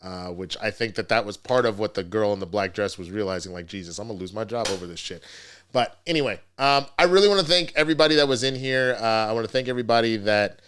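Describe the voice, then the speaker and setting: A man's voice: on the low side, quick pace, fairly bright tone, clear, resonant tone. A man hosting a casual commentary vlog, ranting in a profane, rambling, slangy way. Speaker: host.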